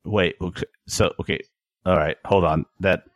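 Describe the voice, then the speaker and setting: A man plays a tabletop game, cracking jokes and chatting in character. His voice is very low and sits close in a dry, dead sound. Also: steady tone, no echo. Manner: joking, quick in-character banter. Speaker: player.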